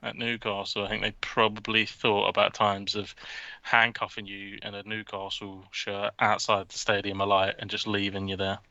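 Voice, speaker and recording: Bright-voiced sweary man on a football podcast. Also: on the low side, little pitch movement, moderate pace, few pauses, no echo, muffled recording. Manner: sweary, rambling, mocking. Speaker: podcast co-host. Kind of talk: casual football chat.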